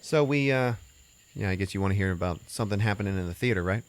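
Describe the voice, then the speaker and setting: A man with a lowish voice talks at a quick pace over slight background noise. He's a podcast host casually retelling a story, full of rambling asides and acted-out quotes.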